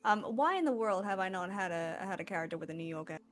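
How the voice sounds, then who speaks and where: Woman streamer at a game table, chatty and giggly, mid pitch, soft music bed. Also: lively intonation, quick pace. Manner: chatty, giggly, many restarts. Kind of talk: casual tabletop game chat.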